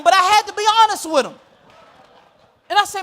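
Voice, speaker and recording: A male pastor telling a story in a sermon, animated and laughing as he goes. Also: extremely high pitch, fairly quick, pauses often.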